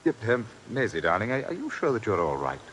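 Flustered lovesick lord. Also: male voice, fairly low pitch, wildly swooping pitch, quick pace, fairly bright tone, a little hiss or hum. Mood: courtly. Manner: fussy and stammering. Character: gallant, flustered English lord in love. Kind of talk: 1940s radio acting.

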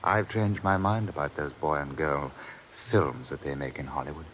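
An actor playing a gallant, stammering lord in a 1940s radio drama. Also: male voice, extremely low pitch, normal speed, fairly bright tone, a little hiss or hum. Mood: courtly. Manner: fussy and stammering. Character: gallant, flustered English lord in love.

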